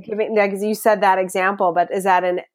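A woman's voice: mid-range voice, little pitch movement, fairly quick. A woman hosting a casual interview, affirming and encouraging as she steers the conversation. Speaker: host.

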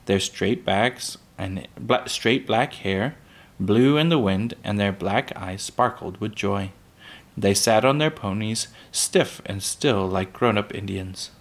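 A man reading a children's book aloud, unhurried, with small slips that he corrects. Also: on the low side, gravelly.

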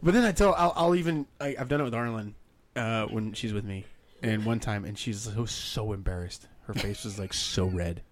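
A man's voice: fairly low pitch, normal speed, slight background noise. A man hosting a casual podcast chat, telling stories with lots of swearing and laughter. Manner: profane, laughing storyteller who acts out his own quotes. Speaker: podcast host.

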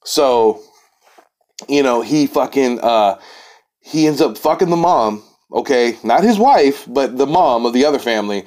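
A man talking casually and crudely on his own, swearing constantly and breaking into sudden high, indignant outbursts. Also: lively intonation, a little slow, a little mellow. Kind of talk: casual profane monologue.

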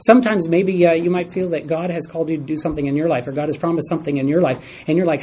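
A man's voice: sits high, rapid-fire, mellow, breathy edge, poor audio. A man leading a Bible study lesson for a small group in a room, stressing key words and asking the group questions.

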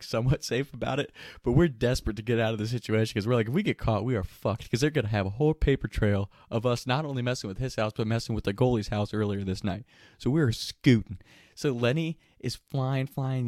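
A man's voice: mid-range voice, no room sound, studio quality. Young man telling a wild story. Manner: animated, laughing, profane. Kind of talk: casual anecdote.

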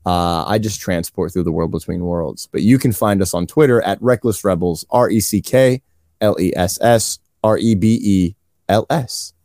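A man's voice: sits low, a little mellow, no echo. Playful man in a dry close mic. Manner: playful, joking, quick asides. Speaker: podcast guest. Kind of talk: casual podcast chat.

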